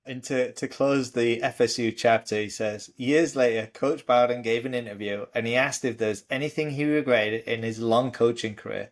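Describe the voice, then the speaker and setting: A man co-hosting a podcast, reading memoir passages aloud and retelling the story in between. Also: medium pitch. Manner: storytelling, lively when quoting. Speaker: podcast co-host.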